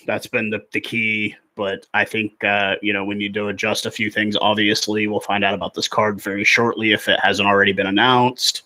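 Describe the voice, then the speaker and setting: A man's voice: fairly low pitch, sharp tone. A man in his forties chatting casually and rambling through live rugby commentary on a stream. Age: 40s. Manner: rambling, conversational, filler-heavy.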